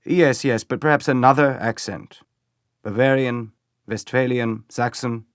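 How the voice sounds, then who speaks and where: A man voicing a calm, courteous and methodical police inspector in an audiobook. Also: mid-range voice, a little slow, no room sound, studio quality, pitched above the performer's own voice, close to an everyday voice. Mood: deliberate.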